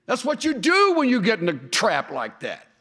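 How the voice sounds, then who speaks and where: A man preaching a sermon in an animated way, acting out the voices he quotes with sarcasm. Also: high voice, normal speed, in a large hall, a little hiss or hum.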